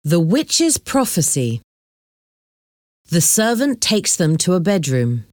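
A woman reading a children's chapter story aloud, clear and deliberate. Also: fairly low pitch, big pitch swings, darkish tone, no echo, clean studio sound. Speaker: narrator.

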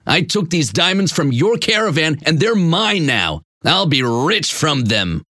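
A narrator voicing an angry man who shouts accusations in an audiobook. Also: medium pitch, sing-song, measured pace, no room sound, clean studio sound, heavily acted. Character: angry man cheated by his brother. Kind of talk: audiobook reading.

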